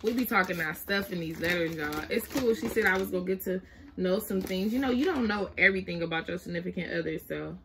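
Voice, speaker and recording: A woman's voice: lowish voice, fast talker, background noise. A young woman chatting casually to camera as a vlogger, often apologizing and talking to her baby while she looks through letters.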